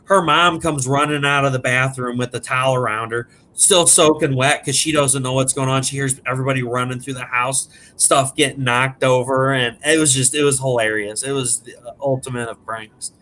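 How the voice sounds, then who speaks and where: A man telling a prank story in animated, casual, profane chat as a podcast guest. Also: mid-range voice, moderate pace, few pauses, slight background noise. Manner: animated, profane, laughs at his own story.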